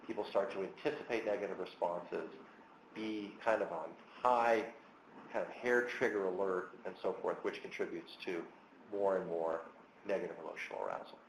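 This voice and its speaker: A man giving an educational lecture as a psychologist, talking in an animated way and acting out angry remarks to make his points. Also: deep voice, normal speed, reverberant, a little hiss or hum, low-quality recording. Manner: animated, acts out angry quotes.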